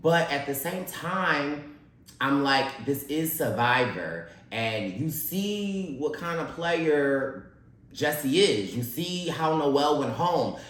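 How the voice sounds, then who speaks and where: A man on a podcast as a guest, giving thoughtful, measured opinions in casual chat. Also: fairly high pitch, expressive, a bit bright. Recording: roomy echo.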